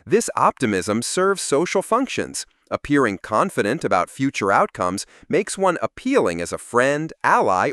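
A man giving a measured, scripted explanatory narration. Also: mid-range voice, a bit bright, dry recording, studio quality.

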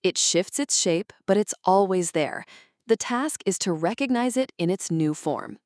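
Woman in steady scripted narration. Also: medium pitch, unhurried, no room sound, clean studio sound. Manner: steady, even-paced reading. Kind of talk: scripted book-summary narration.

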